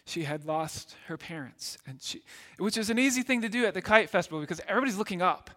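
Long hall reverb surrounds this Milwaukee pastor, an American, as he tells stories in an earnest, conversational sermon, frequently repeating words. He talks fast in a high-pitched, bright, forceful voice with lively intonation.

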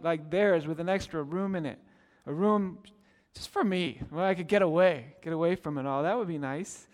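His voice sits on the high side, steady at a moderate pace with few pauses and a long reverb tail. The middle-aged pastor preaches a sermon built on conversational storytelling, acting out the quotes.

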